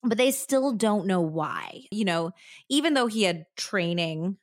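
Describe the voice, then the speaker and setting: A woman's voice: mid-range voice, big pitch swings, unhurried, no room sound, clean studio sound. A woman hosting a podcast, telling a true crime story in a casual way that often breaks into laughter. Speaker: podcast host.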